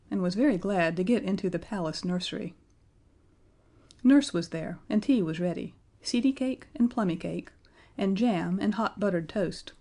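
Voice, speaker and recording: A woman telling a storybook tale in a gentle, lively way, with asides to the listener. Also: fairly low pitch. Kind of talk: storybook reading.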